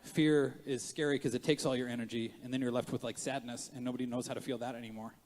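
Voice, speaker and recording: A man's voice: mid-range voice, quick pace, slight background noise. Passionate preaching pastor, man, big hall. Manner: animated preaching, swings from quiet asides to loud emphatic rises; jokey, self-mocking asides. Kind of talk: sermon. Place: church sanctuary.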